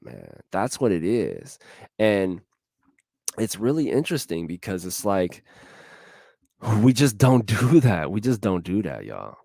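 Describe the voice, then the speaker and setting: A man's voice: sits low, creaky, a little mellow, dry recording, clean studio sound. A man giving a casual motivational talk as host, earnest and repetitive, full of rhetorical questions, speaking straight to his listeners in a folksy way. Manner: addresses listeners directly and folksily.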